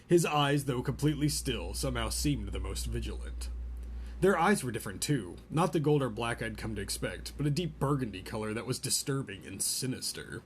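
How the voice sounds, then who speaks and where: A man reading a novel chapter aloud in a relaxed way, stopping now and then to joke about the story. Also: mid-range voice, a little fast, slight background noise. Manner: reads a novel aloud, breaks off for joking asides. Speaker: podcast host reading aloud. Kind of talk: casual read-aloud with asides.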